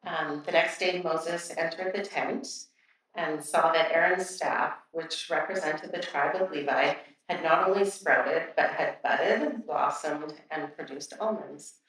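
A woman's voice: sits low, measured pace, a bit bright. A woman telling her church about a prayer time, casual and hesitant with many fillers, reading a scripture aloud. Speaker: church member sharing a testimony. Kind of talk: testimony to a church. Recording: very echoey, distant from the mic.

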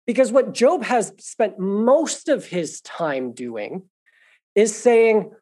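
A man's voice: high-pitched, animated, takes it slowly, dark tone. A man leading a conversational Bible study lesson, thinking aloud and explaining points patiently. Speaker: Bible teacher.

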